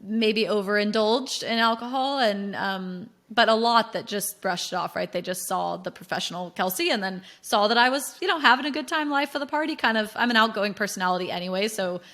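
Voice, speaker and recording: A woman's voice: medium pitch, brisk, few pauses. Chatty American woman telling her story. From United States. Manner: chatty, animated, frequent fillers and laughs. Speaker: podcast guest. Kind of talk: candid interview storytelling.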